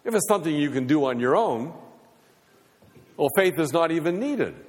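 A man's voice: on the high side, lively intonation, moderate pace. Man preaching in a reverberant hall. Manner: preaching with rising and falling emphasis. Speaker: pastor. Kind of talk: sermon.

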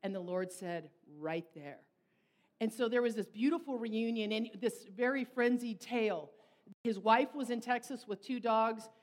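A middle-aged woman telling a personal story in long, animated run-on sentences. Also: fairly high pitch, normal speed. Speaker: speaker. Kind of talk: storytelling talk.

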